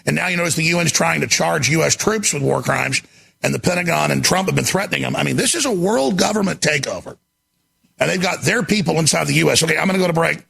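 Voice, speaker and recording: A man's voice: fairly high pitch, fast talker, vocal fry, fairly bright tone, slightly rough. A man hosting a talk radio show, speaking in an intense, indignant and emphatic way. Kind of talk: heated talk radio commentary.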